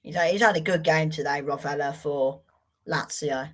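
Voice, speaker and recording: A woman's voice: low-pitched, moderate pace, a bit bright. A young woman hosting a live football watchalong, chatting to viewers in a frustrated, sweary way. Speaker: watchalong host.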